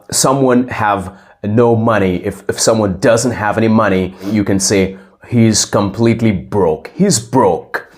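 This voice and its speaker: A man playing a polite young male student who answers his teacher slowly and repeats each example phrase. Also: lowish voice, darkish tone. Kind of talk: scripted classroom role-play.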